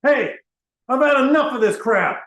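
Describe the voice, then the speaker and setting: A man puts on a cranky old man with a beard and a cane, sick of being taken for Santa. He rants and shouts in a singsong, very high and piercing. The voice rings around an echoey room. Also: unhurried, heavily acted. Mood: ranting singsong. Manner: exasperated, ranting, shouts in a singsong. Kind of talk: comedic character monologue.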